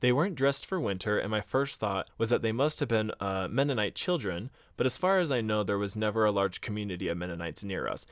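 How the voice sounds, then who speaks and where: A man's voice: lowish voice, lively intonation, fairly quick, few pauses, no room sound, studio quality. Man retelling a spooky story. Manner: retells a scary story, acting out quotes, laughing, swearing. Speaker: podcast co-host. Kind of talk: casual storytelling chat.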